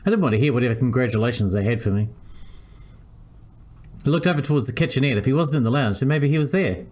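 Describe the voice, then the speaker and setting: A man's voice: medium pitch, animated, fast, darkish tone. A man hosting a let's-play, reading a visual novel aloud and switching between narration and character voices.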